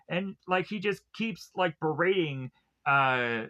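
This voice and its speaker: A man's voice: high voice, expressive, a little slow, pushed and bright. A man casually recapping a TV episode, rambling with many fillers and quoting the characters in passing.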